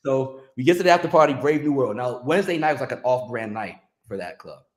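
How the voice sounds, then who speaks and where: This mid-range, fast-talking middle-aged man is a music industry guest recounting stories in an easygoing chat. He animatedly voices the people he quotes, and the sound is reverberant.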